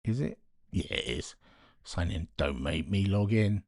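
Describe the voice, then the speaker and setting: Low, husky man muttering quietly. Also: animated, measured pace, no echo, clean studio sound. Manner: talks to himself while working, quiet and muttering. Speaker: live-stream host. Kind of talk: casual live-stream chat. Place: home at night.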